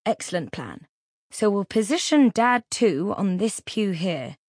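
A woman voicing a nervous, fussy male reverend who talks in a hurried, eager-to-please way. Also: medium pitch, big pitch swings, a little mellow, no echo, clean studio sound. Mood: brisk. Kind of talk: audiobook character voice.

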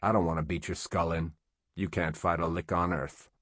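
A man doing an easygoing older fighter, low quiet voice, calm and steady, dry close audio. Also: normal speed, no room sound.

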